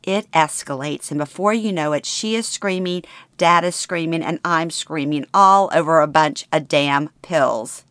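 A middle-aged woman reads her own memoir in a steady, plain storytelling manner. Her voice sits low, and the recording is close and dry with no room in it. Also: moderate pace, no echo. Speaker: memoir narrator. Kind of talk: first-person memoir reading.

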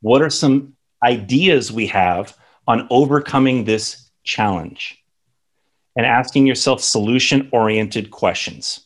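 A man in his thirties teaches a lesson slowly in an ordinary mid-range voice. As an instructor, he keeps things conversational, tagging his sentences with "right?" to check in with the listener.

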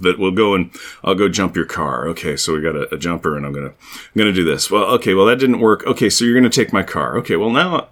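A man co-hosting a casual podcast, his pitch swinging up and down in a lively way as he tells a long, rambling story. He acts out the quoted lines of the people in it. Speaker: podcast co-host. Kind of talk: casual chat.

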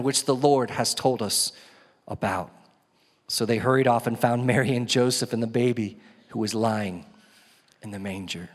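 A male pastor with a mid-range, slightly rough voice delivers a sermon at normal speed, swinging dramatically between loud emphasis and hushed tones. He's in a church sanctuary with long hall reverb.

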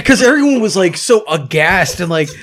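A man with a notably high voice in a casual podcast conversation about a film. He sounds blunt and exasperated and curses without hesitation. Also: sing-song, normal speed, fairly bright tone. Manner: blunt and exasperated, swears freely. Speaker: podcast co-host. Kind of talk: casual movie discussion.

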